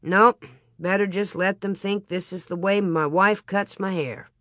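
Woman reading as a calm, dry-humored pioneer father. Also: medium pitch, a little slow, dry recording, close to an everyday voice. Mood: dry teasing. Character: steady, teasing pioneer father.

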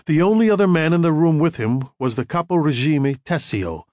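A man narrating an audiobook chapter in a measured storytelling manner, acting out the dialogue. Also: a little high, animated, a little mellow, dry recording, clean studio sound.

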